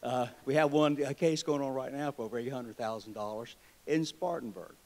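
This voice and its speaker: A man's voice: mid-range voice, fairly quick, a little mellow. A man with a Southern US accent, a state treasurer giving a convention speech, telling wry, joking stories in a folksy way. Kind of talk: political speech with folksy storytelling. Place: convention hall.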